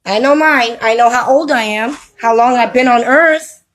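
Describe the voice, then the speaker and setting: A woman's voice: a little high, moderate pace, poor audio. A woman giving a casual spiritual talk to camera at home, preachy and streetwise, who keeps checking with "you know what I mean?". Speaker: spiritual vlogger. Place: home with children around.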